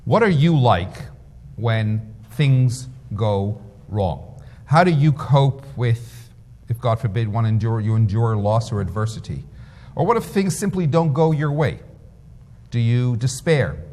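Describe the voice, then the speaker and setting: A rabbi lectures in a measured, storytelling way and poses rhetorical questions to his listeners. His voice sits at an ordinary middle pitch. The sound carries the long reverb of a lecture hall. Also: darkish tone.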